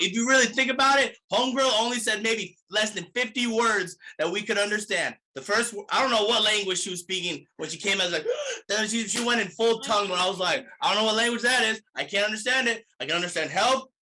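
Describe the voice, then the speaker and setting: A man talking as a guest on a casual panel chat, loud and excitable, exclaiming his points. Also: high-pitched, low-quality recording.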